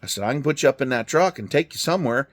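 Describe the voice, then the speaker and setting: Speaking rapid-fire in an animated mid-range voice, a middle-aged truck driver tells a casual, swear-filled story in a garage during a car event. He's blunt and plays out both sides of the conversation.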